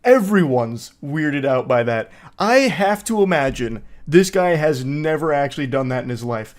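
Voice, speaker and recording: A man giving comedic reaction commentary in a sarcastic, incredulous tone. His voice sits a little higher than most men's. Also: animated, moderate pace. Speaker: host reacting to videos.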